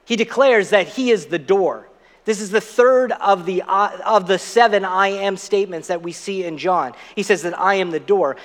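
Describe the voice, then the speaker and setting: A man's voice: high voice, big-room sound. A man preaching a sermon as pastor, earnest and repeating his key phrases.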